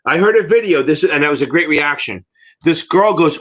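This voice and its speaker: A man's voice: a little high, animated, fairly quick, a bit bright. A middle-aged American man teaching exam prep in a live Q&A, blunt and rambling, with frequent swearing.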